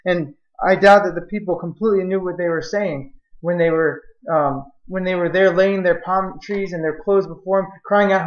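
Man, preacher, sermon, high voice, earnest and emphatic, echoey room, dull recording. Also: moderate pace. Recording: roomy, slightly dull recording.

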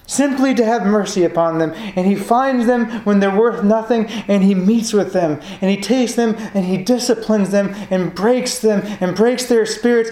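A preacher delivering a sermon, reading scripture slowly and building to emphatic, repeated points. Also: medium pitch, darkish tone. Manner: earnest, building emphatic repetition; reads scripture slowly and deliberately. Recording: roomy echo.

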